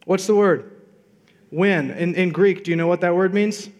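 Man, pastor, sermon, fairly high voice, emphatic peaks, questions to the congregation, long hall reverb. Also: steady tone, a little fast, a little mellow, highs cut off.

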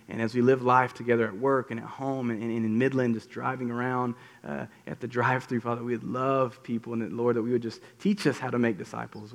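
A man, a pastor leading a soft, halting closing prayer. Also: mid-range voice, creaky. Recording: long hall reverb.

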